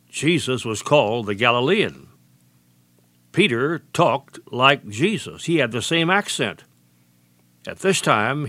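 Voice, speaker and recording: Man preaching a measured sermon. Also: medium pitch, sharp tone, dry recording. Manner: measured, deliberate preaching with slowed emphasis on quotations.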